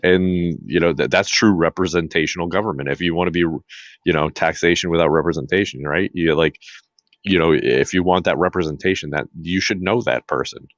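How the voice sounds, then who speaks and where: A man's voice: low voice, fairly quick, no room sound, lo-fi sound. A man from Massachusetts co-hosting a podcast, chatting casually about politics and rambling with many fillers and restarts. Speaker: podcast co-host.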